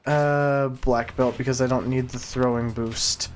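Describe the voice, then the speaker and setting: A man's voice: medium pitch, a little slow, faint music behind. A man live-streaming a video game, casually thinking aloud as he plays. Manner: relaxed, thinking aloud while playing.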